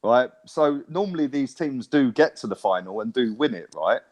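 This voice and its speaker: A man's voice: medium pitch, expressive, moderate pace, a little mellow. A man from England, ranting about football in casual podcast chat. He swears a lot and keeps checking with "right?". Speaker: podcast co-host.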